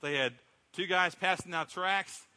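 A middle-aged male pastor preaches in a relaxed storytelling way, acting out what people said. His voice is very bright and sits a little high. The sound rings out with the long reverb of a church sanctuary. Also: unhurried. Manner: conversational storytelling, acts out quotes. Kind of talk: sermon.

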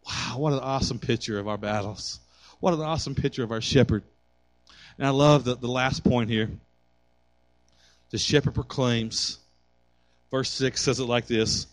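A man's voice: mid-range voice, moderate pace, long pauses. A middle-aged man preaching a sermon with call and response, building to impassioned exhortation. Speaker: pastor.

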